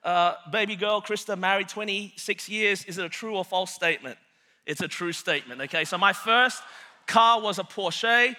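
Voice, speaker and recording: A man's voice: high-pitched, normal speed, sharp tone. A man in his forties with an Australian accent, preaching a sermon as a pastor, joking with the congregation and then growing earnest. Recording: long hall reverb.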